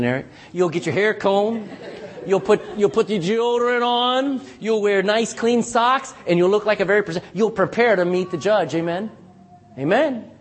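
A high-pitched male voice, with a little hiss or hum in the background, belongs to a pastor preaching emphatically in a church sanctuary. He animatedly teases people by name and prompts them with "Amen?"

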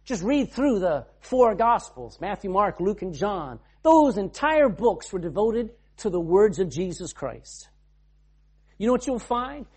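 A man preaches with a lively, rising and falling pitch. He moves from booming lines to hushed ones and reads scripture in old-fashioned wording. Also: measured pace, breathy edge. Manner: dramatic, swings from loud to hushed. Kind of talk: sermon.

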